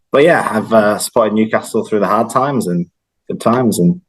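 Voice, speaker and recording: Man, 30s, from northern England, casual chat, rambling and relaxed, lower pitch, video call. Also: unhurried, husky, rough recording. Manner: relaxed and rambling, full of fillers. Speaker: guest, host's childhood friend.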